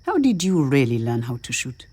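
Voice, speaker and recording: A woman's voice: very deep voice, very animated, moderate pace, darkish tone, slightly rough, heavily acted. A woman voicing a tough, guarded woman explorer who speaks dry and firm. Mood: gentle.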